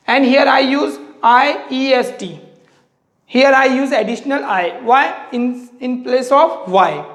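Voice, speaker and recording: A teacher giving a grammar lesson, slowly repeating and drilling each word aloud. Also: high-pitched, echoey room, long reverb tail. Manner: slow, repetitive explaining, drilling words aloud.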